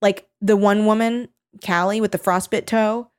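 A woman in casual conversation, retelling a story with lots of fillers and acting out quotes in high voices. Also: fairly even intonation, moderate pace, smooth. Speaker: co-host recounting a reality show. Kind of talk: casual chat.

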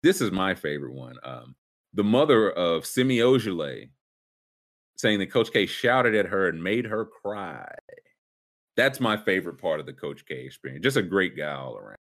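A man's voice: sits low, big pitch swings, moderate pace, a bit bright. A man hosting a casual sports podcast, rambling with fillers and restarts and a sarcastic streak. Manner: sarcastic, wry.

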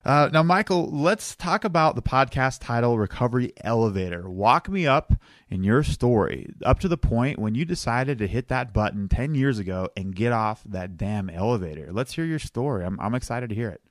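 A man's voice: mid-range voice, expressive, moderate pace, dry recording. Male podcast host, upbeat, jokey, dry close sound. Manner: upbeat, joking. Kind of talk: podcast interview.

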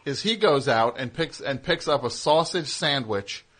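A man's voice: mid-range voice, expressive, a bit bright. A man hosting a call-in radio show, teasing callers and rambling through stories. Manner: teasing, rambling, quick back-and-forth. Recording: radio broadcast.

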